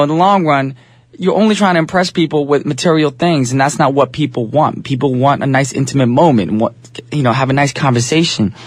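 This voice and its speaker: A man's voice: a little high, no room sound. A man from New Jersey hosting a casual radio show in an upbeat, slangy, talkative way, speaking into a studio microphone.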